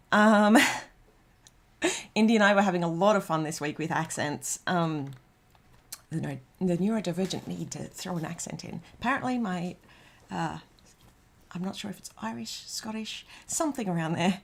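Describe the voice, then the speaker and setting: A woman's voice: medium pitch, a little slow, long pauses. An Australian woman hosting a casual livestream, chatting and rambling with lots of ums and restarts. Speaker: livestream host. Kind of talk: casual livestream chat reading out comments.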